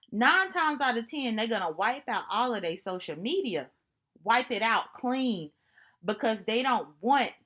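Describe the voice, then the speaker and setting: A woman speaking to camera in an earnest, reflective monologue, telling personal stories in an unhurried way and often repeating herself for emphasis. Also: fairly high pitch, a bit bright. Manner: earnest, thoughtful, unhurried storytelling with repetitions. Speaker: vlogger.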